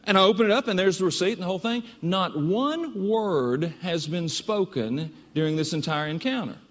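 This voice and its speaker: A man telling a story to an audience with lively, emphatic delivery and a high, swooping voice. The sound is dull and lo-fi with a long hall echo. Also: normal speed. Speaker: speaker giving a presentation. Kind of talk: storytelling speech. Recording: dull echoey hall recording.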